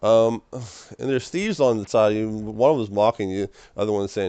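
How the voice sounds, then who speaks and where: A man's voice: lowish voice, brisk, warm tone, clean tone, no echo. A young man rambling through an emotional personal monologue in a small room, stammering and repeating his words. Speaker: vlogger.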